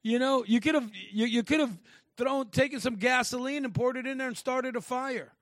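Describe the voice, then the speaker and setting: A man's voice: extremely high pitch, normal speed, a bit bright, no room sound. A man co-hosting a podcast in casual chat, loose and swearing, laughing often. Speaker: podcast co-host.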